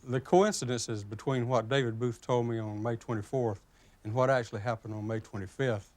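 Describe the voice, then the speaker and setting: A man's voice: medium pitch, steady tone, fairly quick, a little mellow, no room sound. A man in an aviation official role giving interview testimony, careful and hesitant with frequent "uh".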